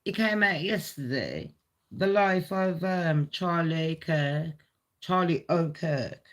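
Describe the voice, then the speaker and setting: A woman's voice: lowish voice, lively intonation, slow. A woman hosting a live gossip stream, chatting in a blunt, rambling way with heavy swearing.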